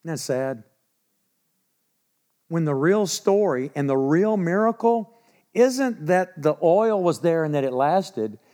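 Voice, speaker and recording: A pastor delivers a sermon in a church in Texas, telling it as a folksy, lively story. His voice sits high for a man. He drops in asides and acts out quotes as he goes. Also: takes it slowly, long pauses. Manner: folksy, animated storytelling with laughs and acted quotes.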